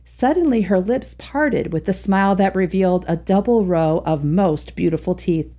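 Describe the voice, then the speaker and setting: A woman's voice: lowish voice, normal speed, warm tone. A woman reading a classic humorous short story aloud as a storyteller, narrating expressively.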